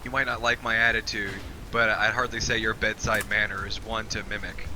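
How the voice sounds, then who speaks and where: A man's voice: fairly low pitch, level tone, brisk, bright, forceful tone, slight background noise, low-quality recording. A man playing his character in a tabletop game, with a sarcastic, mocking manner. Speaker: player.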